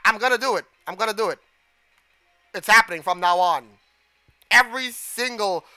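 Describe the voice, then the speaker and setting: A man streaming a game live, giving excitable commentary, gasping, shouting and swearing at the screen. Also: high voice, no echo.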